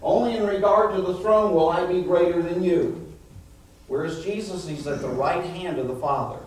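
A man preaches with animated energy to a congregation, asking them to answer him. His voice sits fairly high. The recording is very echoey and catches him from a distance in a church hall. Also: normal speed, slight background noise. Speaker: pastor. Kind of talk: sermon. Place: church sanctuary.

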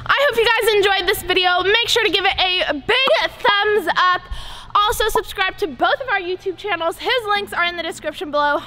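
A woman's voice: very high voice, normal speed, pushed and bright. A young woman hosting a casual vlog in a gym, playful and teasing as she talks to her viewers. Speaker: vlogger host.

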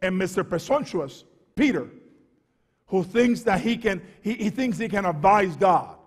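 A man preaches with fervor, his voice sitting high for a man and dropping to low, quick asides before rising to shouts. He repeats and stumbles over words as he builds. Long reverb from a large church hall trails behind him. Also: lively intonation, slightly rough. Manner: fervent preaching, swings from quiet to shouting. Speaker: pastor. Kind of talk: sermon.

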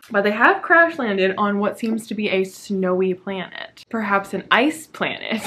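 A woman vlogs at home about a book she is reading, recorded on her camera mic. Her talk is casual and sarcastic, with free swearing and frequent laughs. Her pitch sits in the ordinary middle for a woman. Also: very animated, a little slow, fairly bright tone. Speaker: book vlogger.

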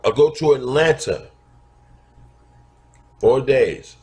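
A man's voice: mid-range voice, lively intonation, slow, a little mellow. A man telling a crude personal story, blunt and profane, stretching out words for emphasis.

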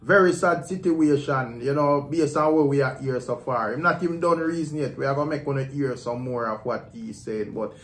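Jamaican male show host, mid-pitched, reflective commentary with room echo. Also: moderate pace, few pauses, fairly bright tone. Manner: reflective, sympathetic, repeats "you see what I say".

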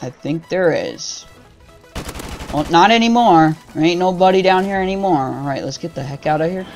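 A man's voice: sits high, animated, normal speed, a little mellow, faint music behind. Slangy, trash-talking young gamer guy. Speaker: gaming channel host. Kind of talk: live gameplay commentary.

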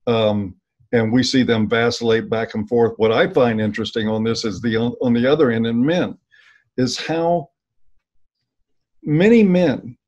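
A man hosting a casual discussion, giving steady, measured explanations. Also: medium pitch. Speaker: host. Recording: dull lo-fi audio.

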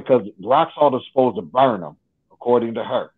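A man's voice: mid-range voice, moderate pace, husky. A man telling a story in an interview, acting out what people said, with jokes and swearing. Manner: acts out quoted dialogue, jokes and swears. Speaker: interview guest. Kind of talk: animated storytelling. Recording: phone-like line.

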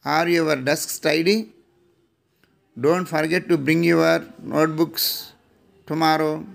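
Middle-aged male English teacher, Indian English accent, unhurried, reads set phrases with careful repeats. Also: a little high, little pitch movement, gravelly. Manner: slow, deliberate phrase-by-phrase reading with repeats. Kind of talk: reading out classroom phrases.

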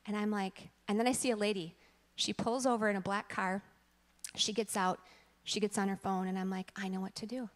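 In a church sanctuary, a woman in her thirties or forties who teaches at the church tells a story during a sermon, acting out the quotes with animation. Her mid-range voice moves fairly quickly and echoes in the large hall.

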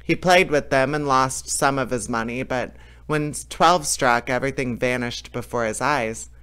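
A man reading a fairy tale aloud in a lively way, with small slips and restarts. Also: medium pitch, moderate pace, clean tone. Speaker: storyteller.

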